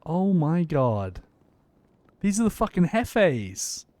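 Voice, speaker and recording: A man's voice: on the high side, big pitch swings, slow, darkish tone, no room sound. A man chatting casually on a live stream, rambling with lots of restarts and frequent swearing.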